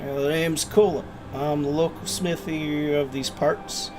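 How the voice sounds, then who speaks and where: A man's voice: fairly high pitch, fairly even intonation, measured pace, background noise, close to an everyday voice. A man voicing a grieving, gloomy village blacksmith with a wandering put-on Scottish brogue.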